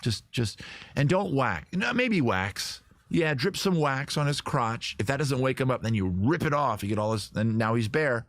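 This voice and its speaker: Lively, crude-joking male livestream host. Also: mid-range voice, normal speed, dry recording. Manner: rambling, crude, deadpan absurd riffing. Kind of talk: improvised comic livestream answering viewers.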